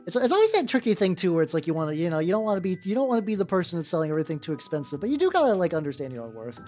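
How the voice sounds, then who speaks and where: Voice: medium pitch, very animated, racing, darkish tone, faint music behind. A streamer chatting casually while painting miniatures, rambling with many stammered restarts and casual swearing.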